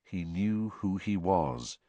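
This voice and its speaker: Slow, low-voiced male storyteller. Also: lively intonation, dark tone, no room sound, highs cut off. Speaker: audiobook narrator. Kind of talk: scripted narration.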